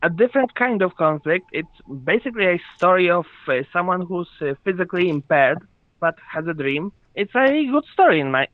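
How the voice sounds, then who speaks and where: A man speaks haltingly and fills his pauses with frequent "uh"s. His voice is fairly high for a man. It comes through a tinny, dry, phone-like line. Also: expressive, no echo. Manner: hesitant, many "uh" pauses. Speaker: podcast co-host. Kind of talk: casual podcast chat.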